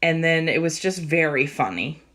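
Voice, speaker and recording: A woman with a lower voice chatting on a podcast. She sounds enthusiastic and laughs easily between thoughts. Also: expressive, normal speed, a bit bright. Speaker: podcast co-host. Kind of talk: casual chat.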